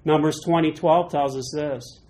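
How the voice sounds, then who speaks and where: A man teaching through Bible passages in a chatty, animated way, with quick asides. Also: a little high, slight background noise.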